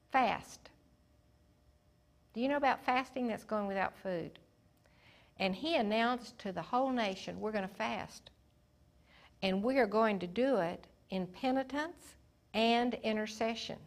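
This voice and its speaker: A woman's voice: medium pitch, gravelly. A woman teaching the Bible in an earnest sermon, often putting questions to her listeners.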